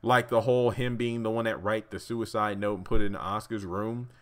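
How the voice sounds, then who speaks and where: A man's voice: lowish voice, fairly even intonation, a little fast, a bit bright. A man giving a casual fan-theory commentary on a TV drama, rambling and correcting himself, with wry asides. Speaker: YouTube TV commentator.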